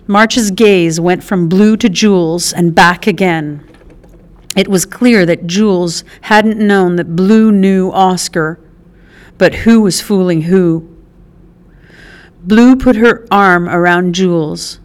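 A woman reading a novel aloud as an audiobook narrator, measured and unhurried. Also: fairly low pitch. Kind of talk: scripted narration.

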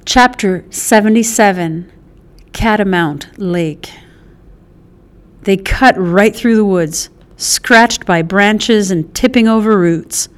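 Brief: slow, smooth-voiced woman reading a novel aloud. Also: medium pitch. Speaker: audiobook narrator. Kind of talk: scripted narration.

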